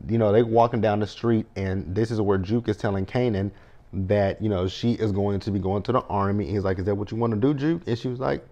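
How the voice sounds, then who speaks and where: A man's voice: on the low side, steady tone, brisk, dark tone, muffled recording. A man hosting a casual TV episode recap, retelling scenes in a chatty way, often tagging "right?" and swearing as he reacts. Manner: swears, slips into quoted reactions. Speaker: TV recap host.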